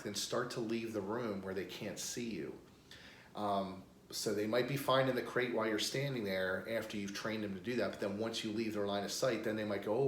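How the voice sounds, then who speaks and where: Low-voiced American dog trainer in echoey room. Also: male voice. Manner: plain practical explaining, upbeat praise bursts. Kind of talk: instructional demonstration. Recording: echoey room with faint noise.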